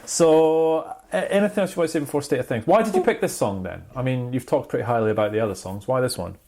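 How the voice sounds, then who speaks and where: A man hosts a music podcast, chatting casually at a fast pace in a medium-pitched voice. He tells stories with real animation and acts out the quotes as he goes.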